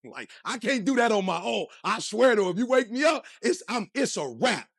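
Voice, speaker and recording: Male motivational speaker, high and punchy, preaching to the crowd, dry sound. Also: moderate pace, creaky, dry recording. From Detroit, USA. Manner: energetic, preachy, slang-heavy, addresses the crowd directly. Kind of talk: motivational speech.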